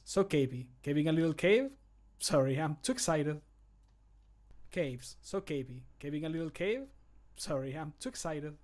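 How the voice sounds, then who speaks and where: A man recording voice lines for a game character, an excitable young male adventurer companion, with eager, playful delivery into a studio microphone. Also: a little high, lightly acted.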